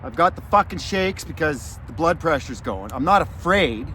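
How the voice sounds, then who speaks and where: Man, slightly high voice, angry, swearing vlog storyteller outdoors, faint traffic. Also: animated, normal speed, bright, forceful tone. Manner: angry, profane and rambling. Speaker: vlogger. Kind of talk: casual storytelling.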